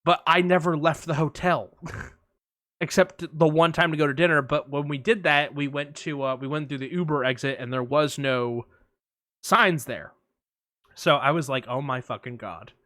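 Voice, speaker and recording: Bright-voiced man telling a wild story. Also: fairly high pitch, normal speed, no echo, studio quality. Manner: animated storyteller, acts out quotes, swears a lot. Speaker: podcast co-host. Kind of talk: casual storytelling chat.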